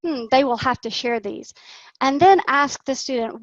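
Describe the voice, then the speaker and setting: Woman, online English teacher, slow deliberate delivery, acts out classroom prompts, dry sound. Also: high voice, expressive, fairly bright tone, no echo, muffled recording. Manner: slow and deliberate, acting out prompts for a young student. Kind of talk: teacher explaining a lesson plan.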